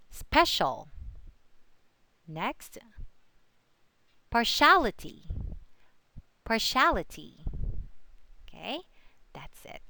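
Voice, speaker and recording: Slow, patient woman with a bright, clear voice. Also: medium pitch, no echo. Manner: slow and patient, repeats each example word twice; thinks aloud with fillers and self-corrections. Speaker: student teacher presenting a lesson. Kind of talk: recorded lesson on word stress.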